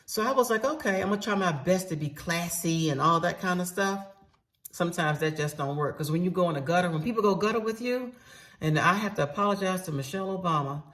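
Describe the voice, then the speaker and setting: Her lowish voice is animated, fast and fairly bright as she tells a personal story straight to her listeners. The middle-aged woman keeps the storytime monologue casual, candid and emphatic, with plenty of salty slang.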